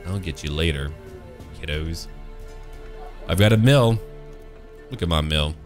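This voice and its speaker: A man with a very low voice talks over his video game in a playful let's-play style. He drops into mock-pompous, old-fashioned turns of phrase and bursts into high, silly exclamations. Faint music plays beneath him. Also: a little slow. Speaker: gameplay commentator.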